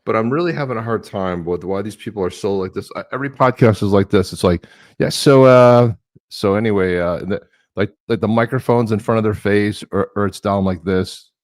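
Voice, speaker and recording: Guy co-hosting a stream, really low voice, rambly and chatty, keeps restarting. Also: fairly quick. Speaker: co-host. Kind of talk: casual live-stream chat.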